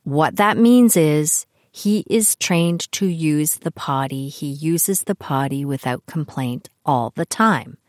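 An older woman hosting her own podcast, talking in a chatty, animated way about her family. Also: slow pace, few pauses, no room sound, clean studio sound. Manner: chatty and animated, with swings in pitch. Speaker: podcast host. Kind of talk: casual solo podcast monologue.

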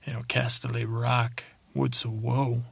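For a sleep podcast, a man plays a rambling, flirtatious male cat knight in a meandering bedtime story, halting often and full of fillers. The performance is heavily acted in a husky, mid-range voice with vocal fry and a level tone. There is no room sound.

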